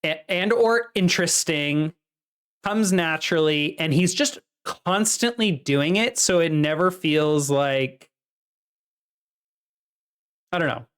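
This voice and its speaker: A woman with a slightly low voice co-hosts a casual book podcast. She recaps the plot at length in a lively, chatty way. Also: slow pace, long pauses, clean tone. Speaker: podcast co-host.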